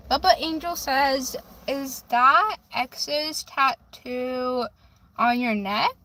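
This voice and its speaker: A woman's voice: high voice, bright, forceful tone, a little hiss or hum. A woman livestreaming from a phone in her car, casually reading viewer comments aloud and chatting back. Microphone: phone camera.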